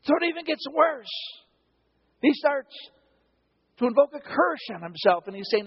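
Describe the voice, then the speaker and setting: High, lively preacher man on dull audio. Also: moderate pace, pauses often. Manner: dramatic storytelling, acts out the quotes. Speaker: pastor. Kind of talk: sermon.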